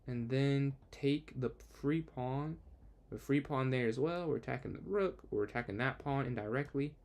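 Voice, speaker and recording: A young man streaming chess, casually talking through his moves and answering chat as he plays. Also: medium pitch. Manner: thinks aloud, quick asides to chat; excitable outbursts when the game turns. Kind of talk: casual live game commentary.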